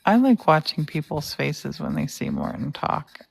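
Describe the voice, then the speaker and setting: A woman chatting in a relaxed way while she paints, hosting the session. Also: low-pitched, moderate pace, gravelly, slightly rough. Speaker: painting host. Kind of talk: casual chat while painting.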